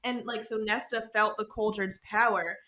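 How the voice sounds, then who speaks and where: A woman's voice: mid-range voice, steady tone, normal speed, pushed and bright, slight background noise. A young woman co-hosting a casual podcast, retelling a story animatedly with laughs and quoted voices. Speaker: podcast co-host. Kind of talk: casual book-discussion chat.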